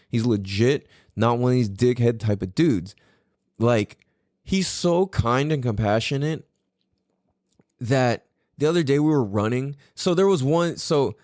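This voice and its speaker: Lively, profane male podcast host. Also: mid-range voice, no echo, clean studio sound. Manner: profane, animated storytelling, acts out his own quotes. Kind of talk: casual podcast monologue.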